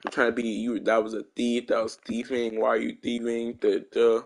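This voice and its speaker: A man's voice: mid-range voice, completely flat delivery, a little fast, creaky. A man voicing his scolding mother as she lectures her small child, nagging over and over and trailing off into "da, da, da.". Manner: nagging, repetitive, filler "da, da, da".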